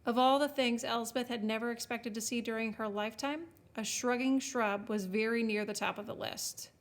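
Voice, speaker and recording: Woman narrating a storybook, higher voice. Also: fairly even intonation, moderate pace. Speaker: audiobook narrator.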